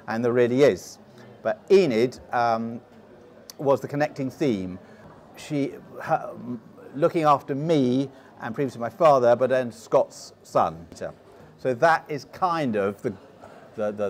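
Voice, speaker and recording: A middle-aged man with a posh English accent, telling long stories as a guest in an interview, often restarting his sentences. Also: mid-range voice. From England. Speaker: guest explorer. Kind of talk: storytelling interview.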